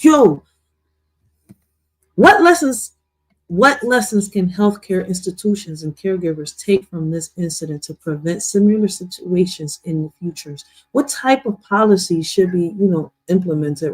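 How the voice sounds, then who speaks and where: A man's voice: a little high, a little mellow, husky. A man co-hosting a news commentary show, talking casually with heated, profane outbursts. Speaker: co-host.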